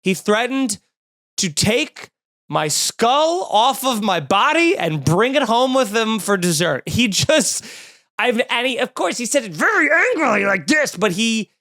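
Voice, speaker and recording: High-voiced man telling a wild story. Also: unhurried, dry recording, studio quality. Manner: animated, swearing, acts out quotes. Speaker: comedian podcast host. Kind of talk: casual storytelling monologue.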